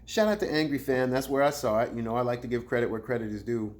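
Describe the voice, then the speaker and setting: A man hosting a loose, slangy battle rap commentary. His voice sits at a middle pitch and swings between loud teasing callouts and quiet, dropped asides. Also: quick pace. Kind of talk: casual commentary.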